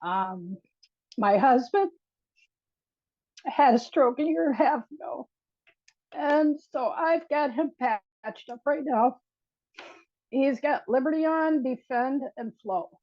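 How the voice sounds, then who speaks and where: A woman's voice: sits high, slow, long pauses, dry recording. Earnest woman, dry, dull call audio. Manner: emotional, earnest. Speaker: new member giving a testimonial. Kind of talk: emotional testimonial on a video call. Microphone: video call.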